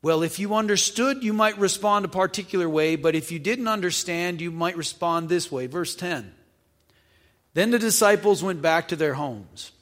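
Reading a Gospel passage verse by verse, a male preacher explains each one in plain, conversational language and asks his listeners questions along the way. His voice is fairly high for a man and fairly bright, moving at a moderate pace, with a long, ringing reverb like a church hall.

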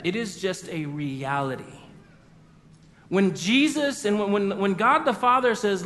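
A man preaching a sermon, animated and telling the story with acted-out voices. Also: high voice, measured pace, in a large hall. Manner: animated storyteller acting out quotes. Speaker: pastor.

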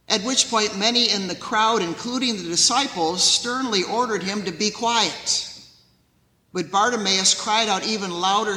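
A man preaching a sermon as pastor, in a measured storytelling way. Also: high voice, sharp tone, reverberant, in a large hall, rough recording.

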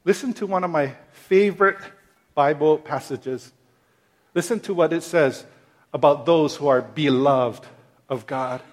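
A pastor delivers a sermon in a fairly high-pitched voice, slow and deliberate. He repeats phrases in a steady rhythm, climbing to emphatic peaks before dropping back soft.

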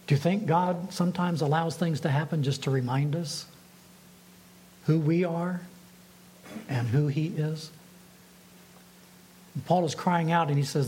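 Man preaching a measured sermon. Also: a little high, a little mellow, a little hiss or hum, low-quality recording. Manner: measured preaching with rhetorical questions. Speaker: pastor.

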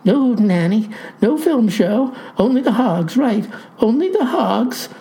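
A woman's voice: on the high side, very animated, slow, mellow, heavily acted. A woman voicing a flustered, bewildered young female postal clerk who exclaims in a rattled way. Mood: unsure.

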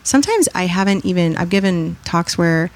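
Reflective woman podcast guest, lowish voice. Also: moderate pace. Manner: reflective, animated when telling stories, acts out quoted voices. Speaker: podcast guest, author and speaker. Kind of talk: conversational storytelling interview.

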